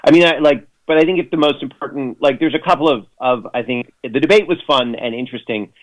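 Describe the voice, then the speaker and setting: On a rough recording, a man with a medium-pitched voice talks quickly as a radio guest. His casual interview chat rambles, full of fillers and restarts, and he cracks sardonic jokes in mock voices.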